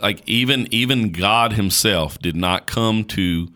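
Deep-voiced, bright-toned male podcast preacher. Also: unhurried. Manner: emphatic, repetitive, colloquial. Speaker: podcast host. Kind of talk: preaching Bible talk on a podcast.

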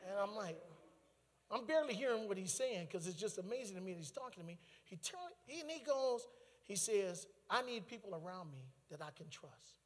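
A man giving a lively testimony sermon, telling a story with asides and bursts of laughter. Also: sits high, a little fast. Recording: long hall reverb.

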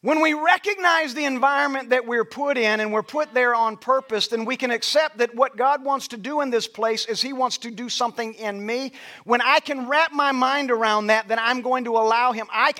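High, bright-voiced man preaching. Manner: preaching with call-and-response, at times shouting. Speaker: pastor. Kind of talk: sermon. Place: church sanctuary.

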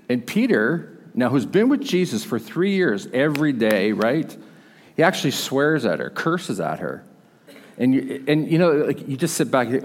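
A man's voice: medium pitch, sing-song, normal speed. A male pastor preaching a sermon in a conversational, emphatic storytelling manner. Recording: long hall reverb.

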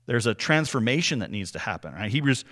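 A man giving a conversational Bible teaching, explaining things earnestly and often checking in with a quick "right?". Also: fairly low pitch, big pitch swings, a bit bright.

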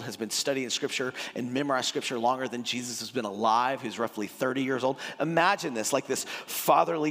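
A male pastor preaching in a loose, joking, conversational way, with his voice pitched a bit high. His pace swings from quick asides to slow, stressed lines. A long reverb tails every phrase. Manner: casual, animated, joking preacher. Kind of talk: sermon.

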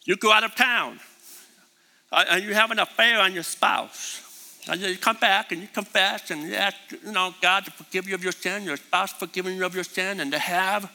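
A man's voice: sits high, normal speed, vocal fry, bright, forceful tone, long reverb tail. A man preaching a sermon as a pastor, emphatic and repeating his key phrases.

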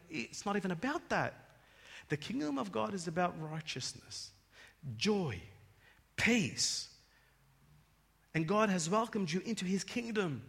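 Preaching man in an echoing hall. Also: high-pitched. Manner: emphatic, rising to loud peaks, restarts words. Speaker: pastor. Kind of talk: sermon. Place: church. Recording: long hall reverb.

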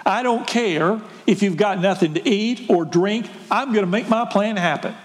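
Man doing a calm commanding angel, steady and firm, echoey church hall. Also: high voice, normal speed, pitched above the performer's own voice, close to an everyday voice. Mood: reassuring. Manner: firm, reassuring declarations.

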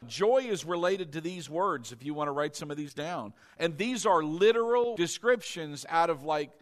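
A man preaching a Sunday sermon as pastor, moving between loud exclamations and soft teaching and calling on the congregation to answer. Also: a little high, expressive, moderate pace. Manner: calls for congregation responses.

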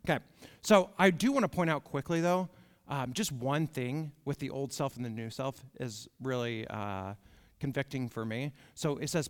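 A man's voice: mid-range voice, normal speed, smooth. A young man giving a casual, conversational sermon, often checking in with "right?" as he walks through the passage. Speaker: preacher. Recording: long hall reverb.

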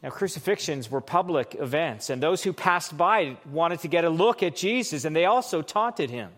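A man delivering a sermon in a slightly higher-pitched voice. He reads scripture slowly and deliberately. He lifts the quoted words with dramatic emphasis. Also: expressive, a bit bright. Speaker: pastor.

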